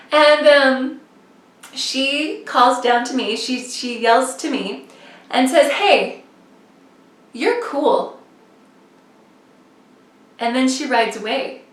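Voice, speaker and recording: A woman in her thirties telling a personal story in a casual, animated way, full of "like" and "you know". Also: high voice, roomy sound, recorded from a distance. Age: 30s. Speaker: motivational vlogger.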